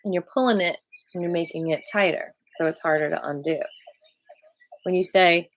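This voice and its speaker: A tired qigong teacher, up all night, gives a relaxed, rambling meditation talk outdoors among trees, full of fillers. Her voice is fairly low, her pace moderate with frequent pauses, and the recording is dry, with birds and rustling trees behind her.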